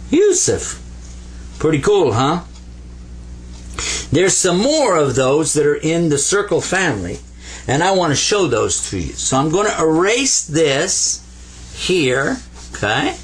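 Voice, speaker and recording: A man teaching Arabic letters at a board, patient and playful, repeating each sound slowly for learners. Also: a little high, slight background noise. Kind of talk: whiteboard language lesson.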